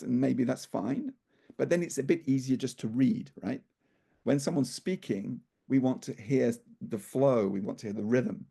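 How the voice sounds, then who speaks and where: Gravelly-voiced man explaining calmly. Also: mid-range voice. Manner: thoughtful, repeats and restarts phrases; leans heavily on stressed syllables for emphasis. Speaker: speaking coach. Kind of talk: conversational explanation.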